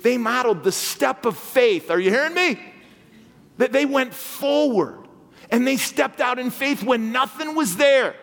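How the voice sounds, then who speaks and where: A man preaching a sermon as guest preacher, swinging between excited exclamations and hushed asides. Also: sits high. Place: church sanctuary. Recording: long hall reverb.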